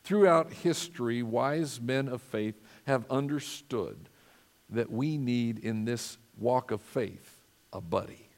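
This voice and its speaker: A man's voice: mid-range voice, slow pace. A man pastor preaching a sermon in an earnest, emphatic way, asking the congregation for responses. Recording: long reverb of a church hall.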